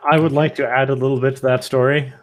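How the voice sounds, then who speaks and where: A man's voice: medium pitch, level tone, fast. A man playing a tabletop game, raising teasing objections in a mock-formal, courtroom-like manner. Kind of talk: playful in-character argument during tabletop play.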